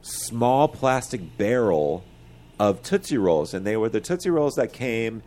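A man co-hosting a podcast in relaxed, rambling casual chat, swearing freely as he talks. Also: fairly low pitch, measured pace. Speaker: podcast co-host.

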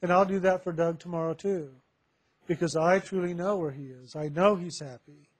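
A man telling a personal spiritual testimony to a group, halting with many fillers and restarts and laughing often. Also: sits high, fairly even intonation. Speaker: member sharing with a spiritual group.

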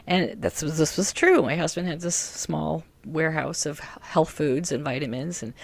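A woman telling a personal story to an interviewer, animated and laughing often. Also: low-pitched, normal speed, gravelly, no echo.

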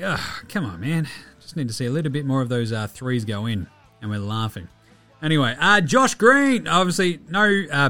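A man's voice: a little high, fairly bright tone. A man with an Australian accent hosting a basketball podcast, talking casually with blunt, profane rants. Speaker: podcast host. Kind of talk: casual sports talk.

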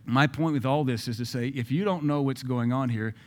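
A man's voice: mid-range voice, fairly quick, darkish tone. A man giving opinionated social commentary from a Christian view, speaking emphatically with many repeated rhetorical questions.

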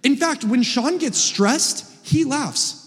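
A man giving an energetic, joking sermon as a guest preacher, sometimes rising to shouts. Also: very high voice, slow. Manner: joking, animated, builds to shouts. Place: large church hall. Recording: reverberant hall.

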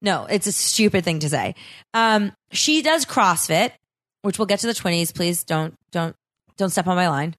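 A woman's voice: lowish voice, animated, normal speed. Sarcastic blunt woman. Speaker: podcast guest. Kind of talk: casual podcast chat.

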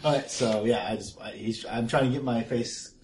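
A man playing a tabletop game, talking in character in a slow, laid-back way. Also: medium pitch, a crowd in the background. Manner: slow, laid-back, with a put-on New York accent as his character. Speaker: player.

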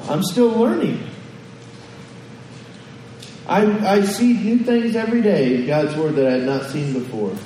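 A man preaches a sermon, asking the congregation questions in a conversational, pastoral way. His voice is fairly high and mellow. It comes from well back from the mic in a roomy, echoing hall. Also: slight background noise. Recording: echoey hall from far off.

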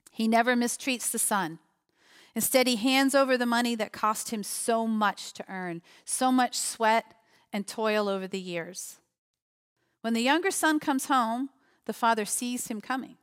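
A woman's voice: a little high, unhurried, fairly bright tone, clear, resonant tone. A woman giving a sermon, reading a parable aloud and reflecting on it with questions to her listeners. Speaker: preacher.

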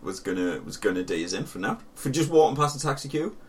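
Sunderland man telling an animated story. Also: fairly low pitch, quick pace, distant mic. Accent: Northern English (Sunderland). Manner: animated storytelling, swearing, laughing. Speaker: podcast co-host. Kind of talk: casual chat.

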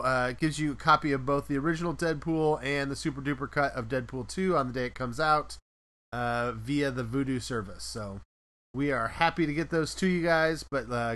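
A man's voice: mid-range voice, a bit bright. A man hosting a podcast, chatting casually and rambling a little as he laughs at himself. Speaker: podcast host.

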